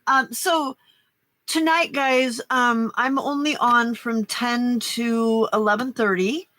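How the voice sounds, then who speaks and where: A woman's voice: fairly high pitch, steady tone, slow, a bit bright. Chatty stuffy-nosed older woman host. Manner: chatty, rambling, greets viewers by name. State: stuffy nose. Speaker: craft livestream host. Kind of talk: casual chat while crafting.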